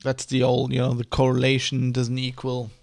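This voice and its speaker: A man's voice: medium pitch, completely flat delivery, normal speed, vocal fry, a little mellow, no room sound, clean studio sound. A man with a mother tongue, ranting in a casual vlog, rambling and heated, with many restarts and swearing. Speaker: vlogger. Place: Germany.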